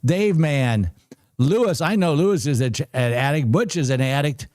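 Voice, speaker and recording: Man, 60s, excitable livestream host, slightly high voice, dry close recording. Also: normal speed, dry recording. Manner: excitable, talks to the screen, repeats phrases. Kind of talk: live trading commentary.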